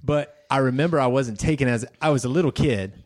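A man co-hosting a casual podcast chat, reminiscing in a hesitant, halting way. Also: medium pitch, a little mellow. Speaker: podcast co-host.

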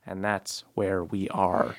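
A man's voice: deep voice, flat delivery, takes it slowly, gravelly. A man running a tabletop game as game master, narrating in an easygoing way with frequent fillers. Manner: easygoing, laughs often, filler-heavy narration.

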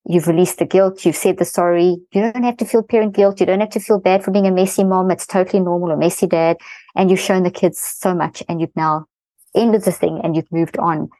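A middle-aged woman, a guest expert in an interview, explaining a parenting method in fast-flowing, animated talk. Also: fairly low pitch, dry recording, poor audio.

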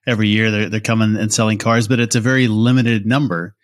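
A man's voice: on the low side, steady tone, fast. A man hosting a podcast, asking the guest curious questions and giving short replies. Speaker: podcast host. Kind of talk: interview questions.

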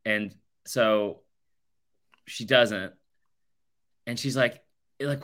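A man's voice: fairly low pitch, takes it slowly, long pauses, sharp tone. A male podcast co-host telling a rambling, sarcastic story in casual chat, saying "like" constantly. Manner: rambling, sarcastic, heavy use of "like".

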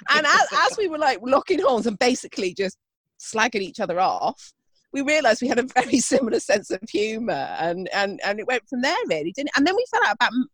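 British female podcast co-host; teasing, sweary, lively, dry close sound. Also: fairly high pitch, brisk, dry recording. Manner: teasing, sweary, animated storyteller. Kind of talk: casual chat.

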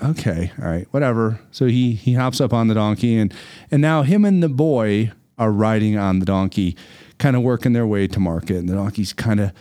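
A man with a mid-range voice tells a story in a lively, rambling way and often doubles back on his words. He hosts a casual talk show and keeps his pitch moving as he goes. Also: clear, resonant tone. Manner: animated, repeats words while telling a story.

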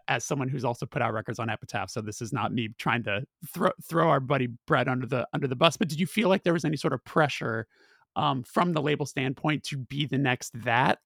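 Gravelly-voiced male podcast host. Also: medium pitch, no room sound, studio quality. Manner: relaxed, curious questions with filler words. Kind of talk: casual interview.

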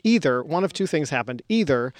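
A man's voice: on the high side, sing-song, a little fast, dry recording, studio quality. A man co-hosting a podcast in casual chat, laughing often and swearing now and then. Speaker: podcast co-host.

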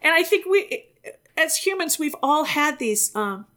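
A woman's voice: high-pitched, a little slow. Chatty woman podcast co-host. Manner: animated, chatty, laughs often. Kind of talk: casual chat.

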